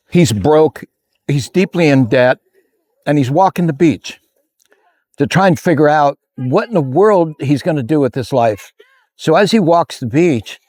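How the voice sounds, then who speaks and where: A man's voice: medium pitch, dry recording, studio quality. Folksy man telling a story. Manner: folksy, animated storyteller acting out dialogue. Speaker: motivational speaker. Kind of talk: storytelling talk to camera.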